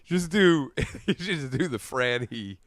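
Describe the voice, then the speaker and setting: A man's voice: medium pitch, lively intonation, a little slow, a bit bright, no echo, clean studio sound. A man co-hosting a comedy podcast, riffing with profanity and laughing often. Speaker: podcast co-host. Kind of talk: casual chat.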